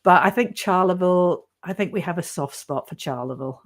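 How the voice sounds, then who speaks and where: A woman's voice: fairly low pitch, fairly quick. A woman hosting a paranormal channel's livestream, chatting casually, often laughing and telling stories with animation.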